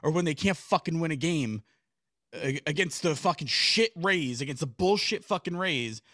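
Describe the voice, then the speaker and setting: A man on a sports podcast rants with mounting, profane frustration, his higher-than-average voice climbing as he gets worked up. The sound is close and dry, with no room around it. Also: animated, moderate pace, no echo. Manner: frustrated, profane ranting that builds to shouting. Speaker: podcast co-host. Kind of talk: casual sports podcast banter.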